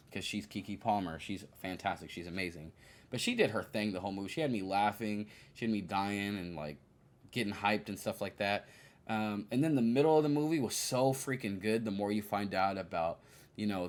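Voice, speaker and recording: A young man hosting a podcast, chatting casually about movies in a lively, slangy way full of fillers. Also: fairly low pitch. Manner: animated, slangy, many fillers and quoted asides. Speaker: podcast host. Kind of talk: casual solo movie review.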